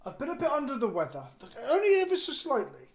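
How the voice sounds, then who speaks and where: A tired, sluggish English man chats casually with his stream viewers, rambling and putting himself down. His voice is extremely high-pitched with huge swings in pitch, and he talks fast.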